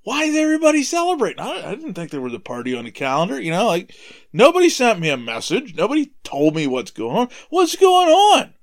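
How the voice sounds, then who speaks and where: Man doing a resentful older brother, aggrieved, complaining, high voice. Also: wildly swooping pitch, a little fast, heavily acted. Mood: puzzled. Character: resentful older brother, hardworking grown son.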